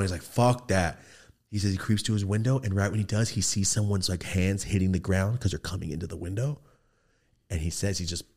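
A podcast host whose voice sits low talks fairly quickly through a profane street story. In the studio he stays casual and animated, acting out both dialogue and gun sounds.

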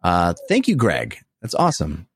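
A man's voice: sits low, wildly swooping pitch, normal speed, breathy edge, no echo, clean studio sound. A man hosting a casual podcast, talking loosely with frequent "uh" fillers. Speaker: podcast host.

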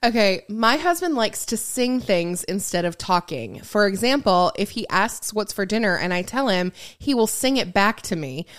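A woman's voice: mid-range voice, lively intonation, normal speed, few pauses. A woman co-hosting a casual podcast, reading listener messages aloud and giggling as she riffs on them.

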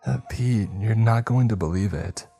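A man voicing an excited, wide-eyed teenage boy who talks breathlessly and insistently. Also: on the low side, normal speed, vocal fry, husky, soft background music, voice pushed up.

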